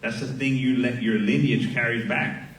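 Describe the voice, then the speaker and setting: A middle-aged sergeant major from Miami giving a graduation speech at a ceremony, speaking into a podium microphone and telling a story with lively acted dialogue. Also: male voice, medium pitch, normal speed. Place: large hall at a graduation ceremony. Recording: echoey hall heard from far off.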